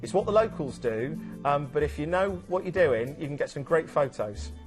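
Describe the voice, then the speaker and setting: Man, cruise TV presenter, a bit high-voiced, chatty with lots of ums, music faintly behind. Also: lively intonation, moderate pace. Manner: chatty, many ums and restarts. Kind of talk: enthusiastic travel sales chat.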